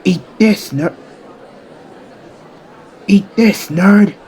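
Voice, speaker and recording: A man voicing a brash, angry teenage boy who snarls insults and yells. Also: a little high, moderate pace, slight background noise, voice pushed up, lightly acted. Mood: furious.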